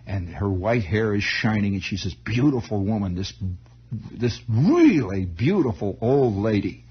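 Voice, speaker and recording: A man with a fairly low, animated voice and a breathy edge spins a lengthy improvised tale over the radio. The 1960s broadcast has its highs cut off, and his telling rambles and halts with many restarts.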